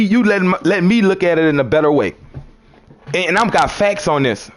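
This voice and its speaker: A man's voice: high voice, expressive, fairly quick. New Orleans man preaching on a live stream. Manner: repetitive, addresses listeners as son and brother. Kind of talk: casual live-stream talk.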